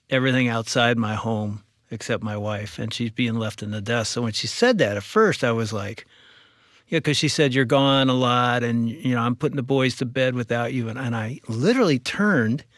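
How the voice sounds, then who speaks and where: A man speaks at a middle pitch with earnest, reflective storytelling. The sound is dry and close, with no room behind him. He is recounting a personal testimony in conversation. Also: no room sound. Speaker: pastor and guest speaker.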